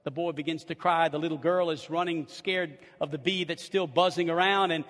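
An older male pastor preaching in an old-timey style, his voice sitting high for a man. He drops to a hush for stories, then rises to ringing shouts. His words roll around a big church hall with a long echo. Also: steady tone, a little fast. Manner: old-timey preaching, swinging from hushed storytelling to shouted exclamations. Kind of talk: sermon. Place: church sanctuary.

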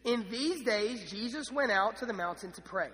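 Young male preacher, high bright voice, eager and chatty, church hall reverb. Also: expressive, moderate pace. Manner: enthusiastic, many restarts and fillers. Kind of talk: sermon.

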